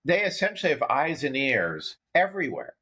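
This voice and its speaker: Guy podcast cohost, husky voice, stumbles and restarts a lot while explaining stuff. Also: mid-range voice, very animated, normal speed, pushed and bright. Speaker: podcast co-host. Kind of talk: conversational business podcast.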